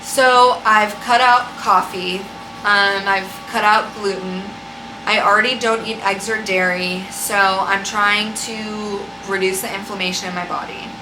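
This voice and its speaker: A woman's voice: mid-range voice, flat delivery, a little slow. A young woman vlogging at home in casual chat, frustrated and rambling, swearing freely. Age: young adult. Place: home room with a loud air conditioner. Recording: echoey room, faint hum.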